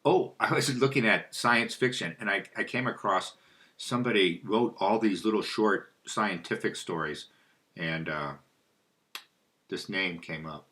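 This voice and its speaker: A man with a very low, bright-edged voice rambles through a solo monologue. He loses his thread and picks it back up, putting questions aloud and answering them himself. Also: unhurried. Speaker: spiritual video host.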